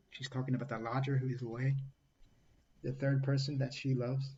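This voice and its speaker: A man talking casually through a book review, halting often with fillers and restarts and reading quotes aloud. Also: mid-range voice, flat delivery, mellow, highs cut off.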